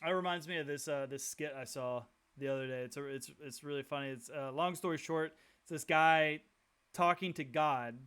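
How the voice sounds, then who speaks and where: A man's voice: on the high side, normal speed, a bit bright, smooth. A man co-hosting a podcast in casual chat, telling rambling stories and acting out the voices in them. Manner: rambling storyteller, acts out quoted voices, laughs often. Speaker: podcast co-host.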